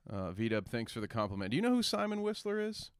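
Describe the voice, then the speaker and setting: A man talks in an animated, sarcastic way, swearing and reading out viewer comments as a podcast co-host. His medium-pitched voice is recorded close and dry, with no room sound. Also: fast talker, clear, resonant tone, no echo. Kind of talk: casual chat.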